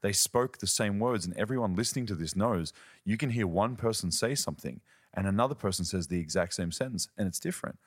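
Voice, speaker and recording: A man's voice: on the low side, lively intonation, fairly quick, breathy edge, dry recording, clean studio sound. A man, a ministry leader and podcast guest, teaching earnestly in conversation and telling stories. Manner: earnest, storytelling, uses quoted voices.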